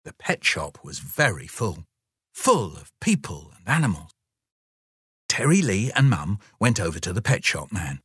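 Husky man reading a children's story. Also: fairly low pitch, big pitch swings, measured pace, fairly bright tone, no echo, clean studio sound.

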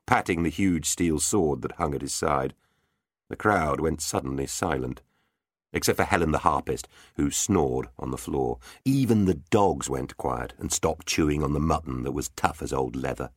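A man giving an expressive, playful reading of a children's storybook. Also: very deep voice, moderate pace, no room sound, studio quality. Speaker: audiobook narrator. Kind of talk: scripted storybook narration.

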